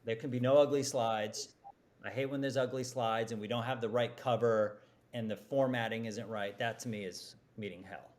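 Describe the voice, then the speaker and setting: A man, an advertising executive, telling lively, self-deprecating stories as a guest on a podcast interview. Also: medium pitch, normal speed. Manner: animated, self-deprecating storytelling.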